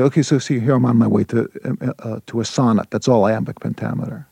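A man, a playwright and translator, answering a radio interview in a halting way with many restarts. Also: mid-range voice, steady tone, vocal fry, mellow, breathy edge, dry recording.

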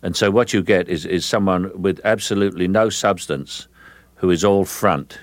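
A man being interviewed as an actor guest, explaining his craft in a measured way with frequent restarts. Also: low-pitched, no room sound. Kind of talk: interview answers.

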